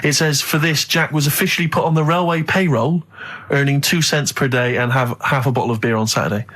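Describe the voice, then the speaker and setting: A man's voice: mid-range voice, steady tone, a little fast, a bit bright. A man, co-hosting a radio show with dry, sarcastic remarks. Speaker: radio co-host. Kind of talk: casual studio banter. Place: radio studio.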